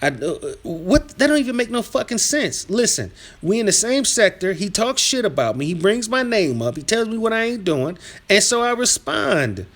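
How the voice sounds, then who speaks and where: A man hosting a live stream, reading chat aloud and trash-talking viewers in a combative, rambling rant that drops to mutters and rises to yelling. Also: very animated, normal speed. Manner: swings from low muttering to loud yelling. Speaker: livestream host reading chat.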